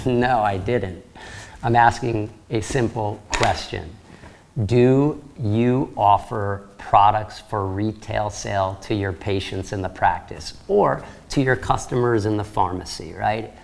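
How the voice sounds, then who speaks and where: A man's voice: lowish voice, vocal fry. A man giving a sales training lecture, coaching trainees in an upbeat, direct way.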